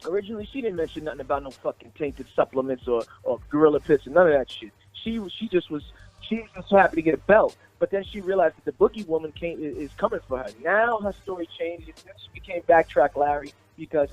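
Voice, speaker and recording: A man with a high voice rants in casual, profane chat, stumbling over repeats as he mocks his target. Faint music plays in the background. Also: fast talker, low-quality recording. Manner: heated, repetitive, mocking impressions.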